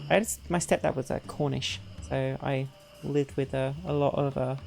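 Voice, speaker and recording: A woman's voice: extremely low pitch, steady tone, normal speed, gravelly, darkish tone, soft background music. A woman streaming a game, chatting casually and joking at her own expense while she plays. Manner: chatty, self-deprecating, talks to chat. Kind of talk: casual gameplay commentary.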